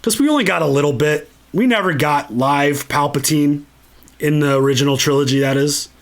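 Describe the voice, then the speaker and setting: A slightly high-pitched man talks briskly as the host of a casual movie commentary channel. He's enthusiastic and swears freely throughout.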